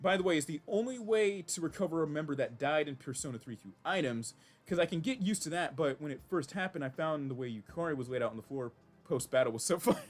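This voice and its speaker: A man's voice: a little high, expressive, quick pace, faint music behind. A man casually chatting while streaming a game, rambling and reacting with many restarts. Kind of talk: casual live-stream commentary.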